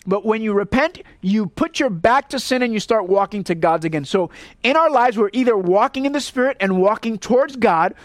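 A man's voice: high voice, expressive, fairly quick, dry recording, clean studio sound. A male pastor from Puerto Rico preaching a sermon in an earnest, rhetorical way, often checking in with "right?".

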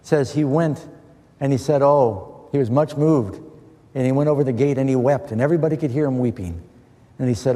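Mellow-voiced preacher in a reverberant hall. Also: male voice, mid-range voice, fairly quick. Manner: poses questions then answers them with scripture, earnest and emphatic. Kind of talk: sermon, Bible study question and answer. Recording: long reverb of a large hall.

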